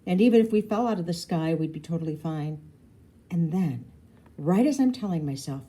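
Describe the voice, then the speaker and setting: A woman's voice: lowish voice, expressive, a little fast, mellow, husky. A woman reading a children's novel aloud, stopping now and then to explain words to young listeners. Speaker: storybook reader.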